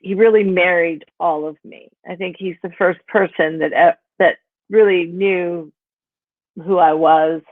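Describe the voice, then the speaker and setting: A woman's voice: lowish voice, steady tone, measured pace, dry recording. Woman in her sixties on a tinny call. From Pennsylvania, USA. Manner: rambling, filler-heavy, with frequent "you know" and "like". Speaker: author interviewed about her memoir. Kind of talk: casual conversational storytelling. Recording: tinny phone-like call audio.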